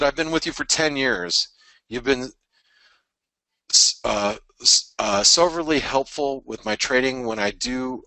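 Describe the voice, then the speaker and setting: Man hosting, bright voice, dry sound. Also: on the low side, no room sound, poor audio. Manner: casual, halting, with fillers and chuckles. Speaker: trading webinar host. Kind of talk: reading listener messages aloud.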